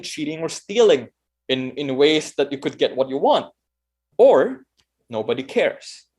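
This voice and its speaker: Filipino man, meetup speaker, slightly high voice, conversational, restarts phrases. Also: darkish tone. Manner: conversational, many restarts and tag "right?". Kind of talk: talk to an online meetup.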